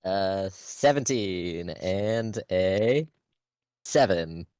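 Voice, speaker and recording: A player in a tabletop game, halting as they read out dice rolls. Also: sits low, animated, a little mellow, clear, resonant tone, no room sound. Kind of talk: casual tabletop game chat.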